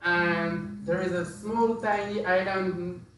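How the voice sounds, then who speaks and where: A man talks through spice blends in a loose, halting way, full of fillers and restarted phrases. His voice sits a little high and sounds distant, in a very echoey room with faint noise behind. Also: fairly even intonation, fairly bright tone, soft background music. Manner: hesitant, many fillers and restarts. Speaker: spice expert presenter. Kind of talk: casual explanatory talk.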